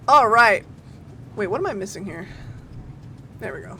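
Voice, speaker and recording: A woman's voice: mid-range voice, pushed and bright, a little hiss or hum. A woman streaming a game, chatting playfully with her viewers and giggling often. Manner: giggly, playful, talks to chat. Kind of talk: casual gaming stream chat. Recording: faint game music behind.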